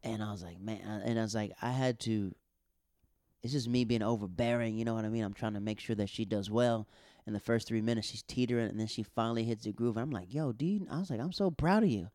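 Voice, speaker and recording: Young male stand-up from the South, loose animated storyteller, clean voice, dry recording. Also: fairly low pitch, fast talker, clear, resonant tone, no echo. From American South. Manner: loose, animated retelling with acted-out quotes. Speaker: stand-up comedian. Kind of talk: casual storytelling monologue.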